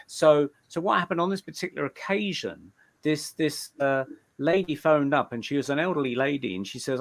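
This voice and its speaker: A man's voice: on the high side, a little fast, creaky. A man, a guest medium, chatting in a live interview, telling stories loosely and often repeating words as he starts a sentence. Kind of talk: casual storytelling in a live interview.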